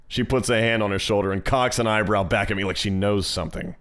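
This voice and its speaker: A man's voice: lowish voice, a little fast, few pauses. A man streaming, reading a visual novel aloud and tossing off profane, joking asides to his viewers. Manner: profane, jokey asides to chat. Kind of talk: reading aloud with casual reactions.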